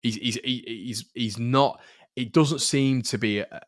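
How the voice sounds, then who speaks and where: A man's voice: medium pitch, measured pace, no room sound, clean studio sound. A man hosting a fan channel live stream, chatting casually about football, repeating phrases and reading out viewer comments.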